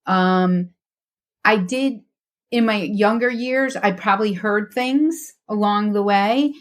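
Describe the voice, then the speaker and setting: A woman's voice: medium pitch, takes it slowly. A woman guest on a faith podcast, talking earnestly and reflectively about her journey, with frequent restarts.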